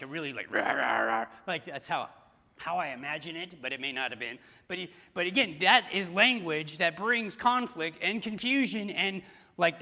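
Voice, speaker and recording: A male pastor preaching with a high, bright voice that rings through a church hall with long reverb. He keeps it emphatic, repeating his key phrases and speaking right to the congregation. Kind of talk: sermon. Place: church sanctuary.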